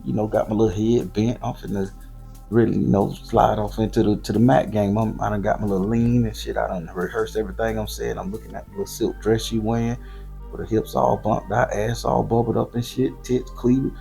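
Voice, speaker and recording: Southern US male storyteller, 40s, raspy-edged low voice, profane and rambling. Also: brisk, soft background music. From southern Florida. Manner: loose, profane and animated, with slangy repetition.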